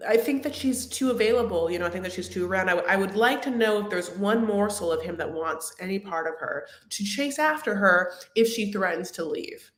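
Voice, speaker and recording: A woman's voice: medium pitch, expressive, brisk, few pauses. Chatty woman rambling in an echoey room. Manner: rambling, chatty, many fillers and restarts. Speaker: host of a reality TV recap livestream. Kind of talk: casual chat.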